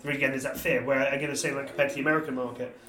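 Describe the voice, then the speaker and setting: An English man co-hosting a casual wine chat, animated and quick to jump in over others. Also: medium pitch. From England. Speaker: podcast co-host. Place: members club room. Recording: echoey room.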